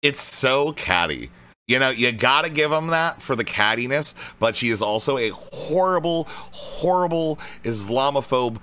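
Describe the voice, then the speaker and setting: Male streamer, casual profane chatter to chat, bright sharp tone. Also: mid-range voice, animated, a little slow. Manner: loose, profane, addresses chat directly. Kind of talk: casual live-stream commentary.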